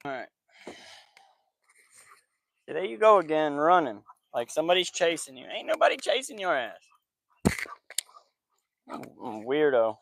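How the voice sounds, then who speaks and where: A man's voice: fairly high pitch, big pitch swings, a little slow, gravelly, long pauses, fairly bright tone. A man in his thirties, a football podcast host, chatting casually outdoors at home in loose slang and scolding his kids and dog now and then. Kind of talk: casual vlog chat. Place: outdoors at home by the backyard and porch.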